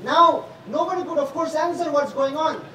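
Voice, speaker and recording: A man interpreting a sermon into English at a large religious gathering, halting and restarting phrases and adding Arabic honorifics after holy names. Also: extremely high pitch, pushed and bright, recorded from a distance, slight background noise. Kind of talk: live English rendering of a religious talk. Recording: echoey hall recording from afar.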